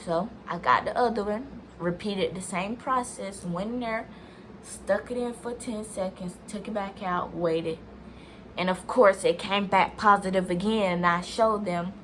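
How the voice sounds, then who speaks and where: A woman's voice: mid-range voice, a little slow, fairly bright tone, a little hiss or hum. A young woman vlogger telling a personal story in a casual, rambling way, talking straight to viewers and filling sentences with "like". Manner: chatty, talks straight to viewers as "y'all"; rambling, restarts sentences, many "like"s.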